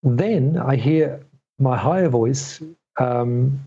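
Middle-aged male guest, mellow and husky, rambling storyteller, dull lo-fi audio. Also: mid-range voice. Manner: rambling, halting, many restarts. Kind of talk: storytelling in a podcast interview.

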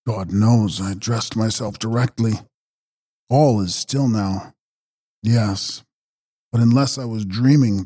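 Man reading as a frightened young gentleman, husky and dark, dry close sound, urgent audiobook line. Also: on the low side, dry recording. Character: alarmed young gentleman at night.

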